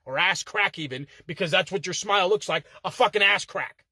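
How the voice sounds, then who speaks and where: A man's voice: high voice, brisk, sharp tone, husky, dry recording, clean studio sound. A man recorded inside a car, cutting a swaggering wrestling trash-talk promo full of heated profanity. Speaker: contestant in an online promo-cutting contest.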